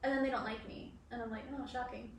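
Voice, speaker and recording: A woman's voice: fairly high pitch, fairly even intonation, quick pace. A young woman co-hosting a podcast, chatting casually and saying "like" a lot, playfully sarcastic. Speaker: podcast co-host. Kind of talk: casual chat. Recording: echoey room, mic at a distance, faint noise.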